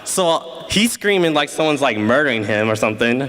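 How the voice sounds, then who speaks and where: A man's voice: mid-range voice, expressive, moderate pace, a bit bright, long reverb tail. A teenage boy telling a funny school story at a live story slam, casual and laughing at himself. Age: teens. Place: school event stage.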